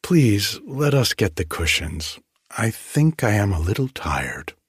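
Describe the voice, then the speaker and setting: A man voicing a seventeen-year-old girl in an audiobook, speaking in a breathy, wistful but firmly insistent way. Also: lowish voice, very animated, a little slow, no room sound, clean studio sound, full character voice. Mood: eager. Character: young girl of seventeen, earnest and determined. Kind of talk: audiobook reading.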